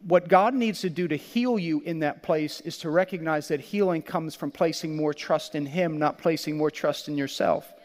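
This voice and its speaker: A man preaching a sermon as pastor, animated, laughing often and acting out quoted lines. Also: fairly high pitch, moderate pace, few pauses, in a large hall.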